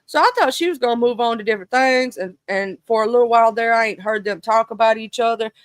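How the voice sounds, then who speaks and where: A woman hosting a casual livestream gossip chat, animated and talkative, breaking into sudden high exclamations. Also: fast talker, no room sound. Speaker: livestream host.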